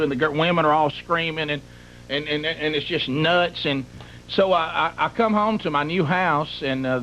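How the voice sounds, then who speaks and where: A man's voice: a little high, fairly bright tone. A middle-aged man, hosting a radio show and telling a comic story in a rambling, exaggerated way that piles up details. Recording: muffled broadcast with faint hum.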